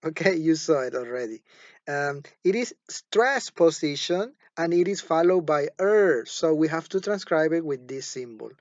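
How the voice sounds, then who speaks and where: Man teaching phonetics, slow deliberate delivery, repeats example words, slightly raised pitch, dull dry lo-fi recording. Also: no room sound. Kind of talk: recorded phonology lesson.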